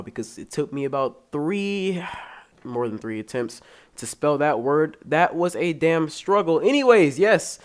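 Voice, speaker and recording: Rambling young man hosting a solo podcast. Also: medium pitch. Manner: rambling, joking, casually profane. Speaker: podcast host. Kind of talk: casual solo podcast chat.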